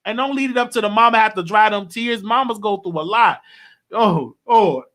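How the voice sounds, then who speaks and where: A man's voice: high voice, fast, bright, forceful tone. A man in his late twenties hosting a gossip show, talking in a rambling, emotional, casual way. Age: late 20s. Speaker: show host.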